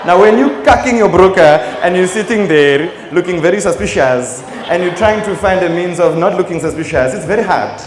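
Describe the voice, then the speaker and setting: A young South African man doing live stand-up comedy, animated and full of impressions and sound effects. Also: sits high, a little fast, hardly any pauses. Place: stage in a large venue. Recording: echoey hall with audience noise.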